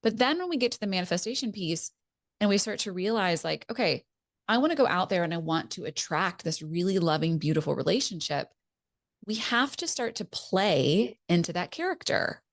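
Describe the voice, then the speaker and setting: A woman hosting a podcast as a relationship coach, speaking in an earnest, measured way and often affirming her guest. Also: fairly low pitch, expressive. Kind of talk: casual podcast conversation.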